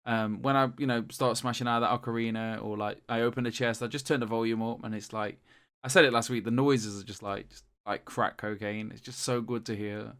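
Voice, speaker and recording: A man's voice: mid-range voice, fairly even intonation, brisk, fairly bright tone. A young man co-hosting a podcast in casual chat, rambling with many fillers and restarts. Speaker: podcast co-host.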